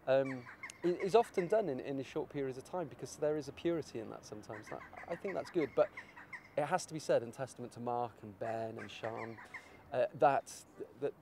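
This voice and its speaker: Guy rambling on about his art project, mid pitch, bit of hiss behind. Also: animated, brisk, mellow. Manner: rambling, musing, searches for words. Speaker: artist being interviewed. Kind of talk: casual interview talk.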